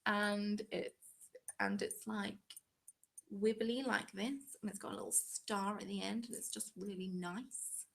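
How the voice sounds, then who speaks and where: Hosting her crafting channel's live stream, a young English woman speaks a little slowly in a gravelly, medium-pitched voice with a steady tone. She rambles and giggles while casually reading viewer comments aloud.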